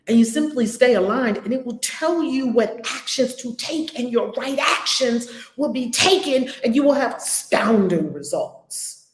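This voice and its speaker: A woman spiritual teacher talks to her group in a blunt, lively way, swearing now and then and acting out little scenes. Her voice sits a touch high. The room around her sounds echoey. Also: measured pace. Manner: animated, acts out little scenes.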